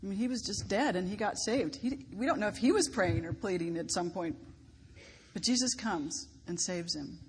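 A woman pastor preaching a sermon, expressive and emphatic, lifting her voice on key words. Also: mid-range voice, normal speed. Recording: long reverb of a large hall, faint background noise.

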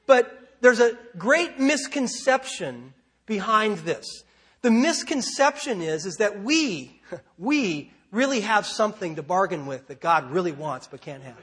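Husky high-voiced male preacher. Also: very animated, unhurried, a bit bright. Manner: conversational preaching with rhetorical questions. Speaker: pastor. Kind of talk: sermon.

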